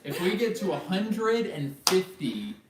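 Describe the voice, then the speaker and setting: A man's voice: high-pitched, sing-song, unhurried, over a noisy crowd. A man hosting a live Q&A chat, reading viewer comments aloud and laughing often. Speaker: host. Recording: roomy sound, mic at a distance.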